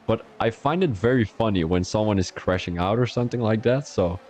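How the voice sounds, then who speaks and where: A man's voice: fairly low pitch, brisk, darkish tone, slight background noise. A young man from Belgium, giving chatty live-stream commentary on an online racing league and talking to his chat between calls.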